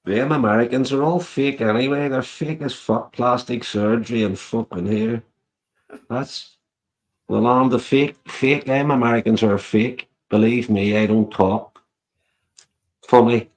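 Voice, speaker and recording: A man's voice: mid-range voice, a little slow, darkish tone. A man chatting on a live stream, teasing others crudely and swearing constantly. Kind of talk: casual chat.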